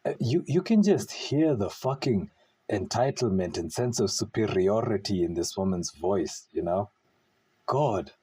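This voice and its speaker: A man's voice: on the low side, lively intonation, a little slow, dark tone, breathy edge. A man hosting a reaction video, talking bluntly and profanely with exasperation between clips. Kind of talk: casual reaction commentary.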